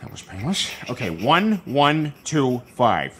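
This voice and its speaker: A man voicing a loud, bumbling middle-aged cartoon dad who rants in a blustery, exasperated way. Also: mid-range voice, big pitch swings, takes it slowly, slight background noise. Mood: impatient. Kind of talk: cartoon sitcom voice acting.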